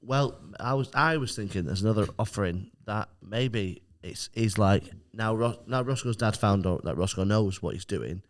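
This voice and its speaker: A man co-hosting a casual podcast chat, with a fairly low voice. He agrees easily and chips in with history tangents and story ideas. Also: expressive, normal speed, few pauses. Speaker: podcast co-host.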